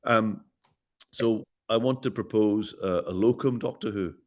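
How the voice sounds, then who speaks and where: A middle-aged Scottish actor with a Glaswegian accent chats playfully as a guest in a casual interview, joking around. His voice sits on the low side, at a measured pace.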